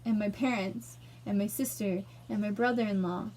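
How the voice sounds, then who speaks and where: A woman's voice: mid-range voice, steady tone, normal speed, a little mellow, a little hiss or hum. A young woman ranting angrily in a personal vlog, emotional and swearing. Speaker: vlogger.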